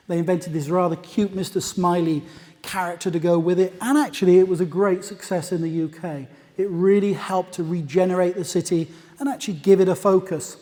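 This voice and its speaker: A man giving a conference presentation in a hall, talking in a conversational, anecdotal way with asides. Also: sits high. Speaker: conference speaker. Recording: long reverb of a lecture hall.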